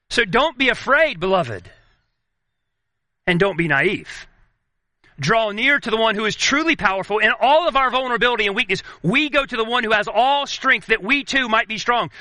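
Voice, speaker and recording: A man preaching a sermon as pastor, earnest, slowing down and dropping his voice low for emphasis. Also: bright, forceful tone, no echo.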